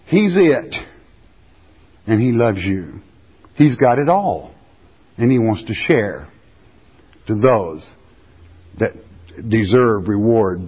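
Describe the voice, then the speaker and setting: A man's voice: medium pitch, sing-song, takes it slowly, long pauses, breathy edge. A man preaching a sermon in a folksy, plain-spoken way, stretching out the scripture he reads for emphasis. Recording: dull recording in a reverberant hall.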